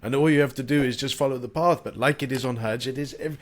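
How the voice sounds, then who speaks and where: A man's voice: medium pitch, quick pace, noisy background. A man from South Africa, a podcast guest talking in a reflective, casual way and using vivid imagery.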